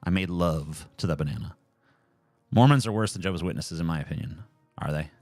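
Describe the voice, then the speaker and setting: A man's voice: deep voice, brisk, dry recording, faint music behind. A man streaming live from home, chatting casually and ranting with lots of swearing. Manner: animated, profane, ranting.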